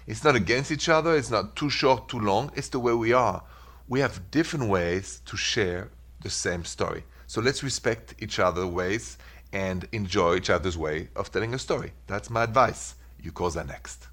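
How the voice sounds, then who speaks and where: A man's voice: on the low side, normal speed, a bit bright. A man with a French accent hosting a call-in advice show, upbeat and reassuring. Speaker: radio advice show host.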